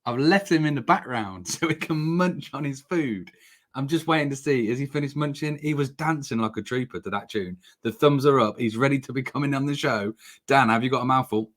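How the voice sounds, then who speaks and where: Male host, mid-pitched voice, cheeky banter with his co-host. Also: fairly quick, fairly bright tone. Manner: teasing, playful, jumps up in pitch for jokes. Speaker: podcast co-host. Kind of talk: casual chat. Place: dark home studio.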